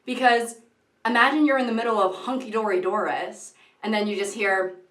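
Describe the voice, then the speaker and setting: A woman's voice: mid-range voice, steady tone, moderate pace, fairly bright tone. A woman vlogging casually at home while doing her makeup, rambling and joking crudely, filmed on a camera mic that is sometimes far from her. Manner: chatty, rambling, crude jokes, lots of fillers. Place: room at home. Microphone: camera mic, at times far from it. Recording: echoey home room.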